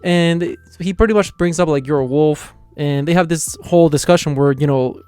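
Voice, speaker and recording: A man with a smooth, clear voice talks through an anime episode in a loose, chatty recap. His pitch sits right in the middle, and the sound is close and dry. Faint music plays behind him. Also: moderate pace, a little mellow, no echo. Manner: loose, chatty plot retelling. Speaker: anime reviewer. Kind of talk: casual episode review.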